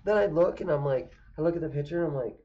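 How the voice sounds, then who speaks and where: A man's voice: on the high side, steady tone, fast talker, mellow. Young man, casual comedic storytelling, rambling, profane, muffled lo-fi audio. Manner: rambling, profane, lots of fillers and restarts. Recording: dull lo-fi recording.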